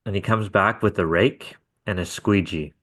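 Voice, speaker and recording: Guy with a real low voice, swears a lot telling work stories on a podcast. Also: normal speed, a bit bright, no echo. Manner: swearing, acts out quotes. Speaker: podcast co-host. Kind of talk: casual storytelling.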